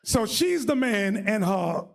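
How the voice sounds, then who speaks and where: A man leading a religious class as bishop, preaching in a loud, mocking, shouting manner. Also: high-pitched, sing-song, slow pace, vocal fry. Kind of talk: fiery religious teaching.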